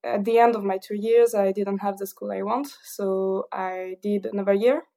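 A woman's voice: medium pitch, steady tone, moderate pace, mellow. A woman in her thirties from the south of France with a French accent, answering interview questions hesitantly with many fillers. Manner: hesitant, many fillers, laughs between phrases. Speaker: guest.

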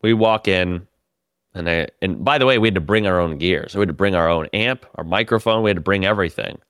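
A man telling profane, animated stories about a comedy tour in casual podcast chat. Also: low-pitched, quick pace, clean tone, dry recording, studio quality. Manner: profane, animated storytelling with laughs.

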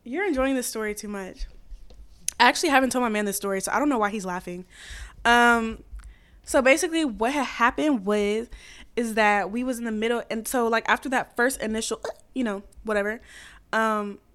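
A woman's voice: a little high, fairly quick, fairly bright tone, clean tone. A young woman hosting a podcast, telling a story in casual chat, giggling often and filling her speech with "like" and "um". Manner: chatty, giggly, heavy filler words. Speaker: podcast host.

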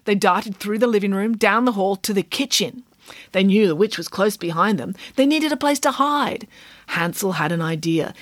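A woman reading a comic children's story aloud with playful, expressive narration. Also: fairly high pitch, no echo, clean studio sound. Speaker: audiobook narrator. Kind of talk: scripted narration.

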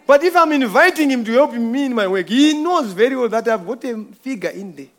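A man's voice: very high voice, lively intonation, brisk, a bit bright. A man giving an informal church testimony, telling a rambling story with frequent chuckles.

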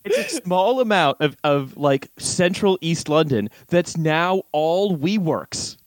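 A man's voice: a little high, big pitch swings, slow pace, no room sound. A man with a Canadian accent, co-hosting a comedy podcast in a profane, exasperated, ranting manner. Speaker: podcast co-host. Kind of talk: casual comedic chat.

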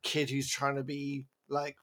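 A man co-hosting a podcast in casual chat, animated and rambling, laughing as he talks. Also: mid-range voice, a little slow. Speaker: podcast co-host.

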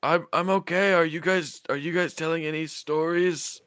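A man putting on a slow, drawn-out, polite voice for a streamer persona. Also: on the high side, fairly even intonation, a bit bright, clear, resonant tone, dry recording, voice pushed up, close to an everyday voice. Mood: mild, polite.

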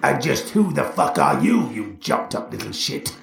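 Guy doing a posh blustery prime minister, um-ing and uh-ing, lively up-and-down voice, gravelly, roomy and far off. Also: mid-range voice, moderate pace, exaggerated voice. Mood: furious. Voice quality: posh bluster with stammering fillers. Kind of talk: satirical sketch. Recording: roomy, distant, faint noise.

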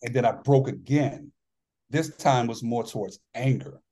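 With a warm, mid-range voice at a moderate pace, a male author and former athlete candidly tells a podcast about something personal. He is earnest and reflective, and he acts out the dialogue in his stories.

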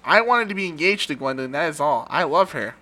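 Bright-voiced man reading a play. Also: a little high, lively intonation, quick pace. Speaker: amateur reader of a play. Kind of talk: casual play read-through.

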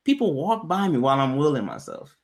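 A man's voice: on the high side, huge pitch swings, brisk, creaky. A man in casual conversation, telling a personal story in a candid, loose way with plenty of swearing.

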